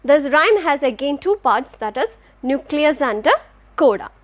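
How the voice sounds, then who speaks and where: A woman with a high voice and an Indian English accent gives a recorded English lecture. She explains patiently, sounding out example words syllable by syllable. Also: very animated, measured pace. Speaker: English teacher. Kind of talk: classroom lecture.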